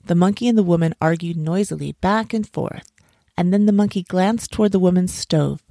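A woman reads a children's folk tale aloud in a measured, expressive way. Her voice is low and gravelly. It is recorded close and dry, with no room sound. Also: no echo. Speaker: storyteller. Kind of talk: storybook narration.

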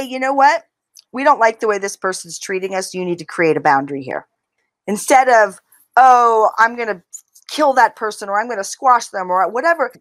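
Animated middle-aged woman in a dry room. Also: medium pitch, no echo. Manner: animated, acts out inner voices. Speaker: interview guest, author. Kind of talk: conversational interview.

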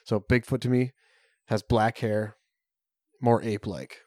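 A man's voice: fairly low pitch, steady tone, measured pace, dark tone, no room sound, studio quality. A man co-hosting a podcast, chatting casually, rambling with many fillers and restarts. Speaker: podcast co-host. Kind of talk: casual chat.

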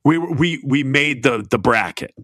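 Man, middle-aged, bright forceful voice, dry close sound, rambling casual podcast chat. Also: medium pitch, expressive, a little slow, dry recording. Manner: rambling, self-deprecating, breaks into silly put-on accents. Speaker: podcast co-host.

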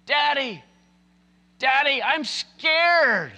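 A man's voice: sits high, big pitch swings, a little slow, bright, forceful tone, long reverb tail, lo-fi sound, voice pushed up, heavily acted. A man voicing a frightened little girl who calls out for her father at night.

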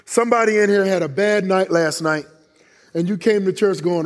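A man's voice: high-pitched, normal speed. A middle-aged male pastor preaching in church, telling personal stories with emotion and voicing God's replies. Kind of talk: sermon. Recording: long church hall reverb.

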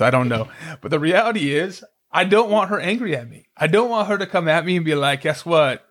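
A middle-aged man co-hosts a Christian parenting podcast, speaking earnestly, rambling a bit, and cracking self-deprecating jokes. His voice is a little high with a fairly bright tone.

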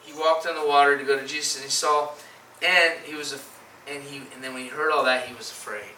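A man preaching a sermon in an animated way, with restarts and dramatic pauses. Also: a little high, slight background noise. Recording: echoey room, mic from far off.

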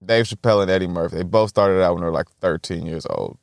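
A man's voice: deep voice, quick pace, creaky, no echo, clean studio sound. A young man in a casual rambling monologue, telling profane stories with frequent laughter. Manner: profane, laughing, animated storytelling.

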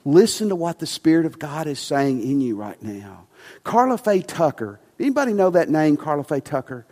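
Passionate pastor preaching in a reverberant hall. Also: male voice, fairly high pitch, very animated, moderate pace. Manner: emphatic, rising to passionate preaching then dropping soft. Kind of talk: sermon. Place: church sanctuary.

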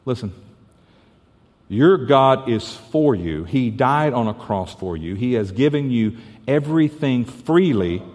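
A man's voice: medium pitch, darkish tone. A male pastor preaching a sermon, telling stories with stammered restarts and playful asides. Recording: hall reverb.

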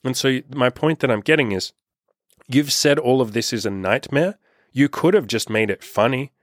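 A man's voice: medium pitch, expressive, moderate pace, dry recording, studio quality. Blunt, profane male dating coach. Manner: blunt and profane, acts out rude exchanges. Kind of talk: casual advice monologue.

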